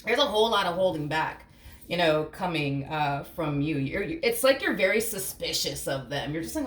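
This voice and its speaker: A woman's voice: sits low, sing-song, moderate pace. A woman giving a casual, blunt tarot reading, swearing freely and acting out imagined reactions. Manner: acts out imagined reactions in quotes. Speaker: tarot reader. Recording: echoey room with faint hum.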